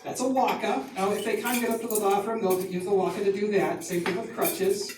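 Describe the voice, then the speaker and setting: A man imitating his middle-aged mother with a South Shore Boston accent, slowly explaining hospital words like a patronizing teacher. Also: sits high, fairly even intonation, voice pushed up, lightly acted. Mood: lecturing. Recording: echoey distant mic, background noise.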